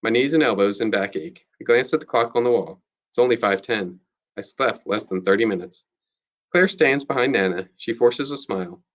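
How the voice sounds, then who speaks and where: A man, a teacher, reading a novel aloud to his students in a steady, plain storytelling manner. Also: medium pitch, normal speed, lo-fi sound.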